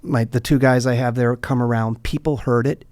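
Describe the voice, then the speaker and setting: A man's voice: mid-range voice, moderate pace, no echo. A man, a nonprofit coffeehouse director, telling stories in a podcast interview and acting out the people in them. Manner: animated storyteller who acts out the people in his stories.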